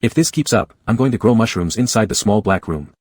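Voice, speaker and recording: A man's voice: lowish voice, lively intonation, a little fast, darkish tone, dry recording, clean studio sound. A man voicing a nagging system spirit. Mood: teasing. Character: chirpy nagging task system companion, male.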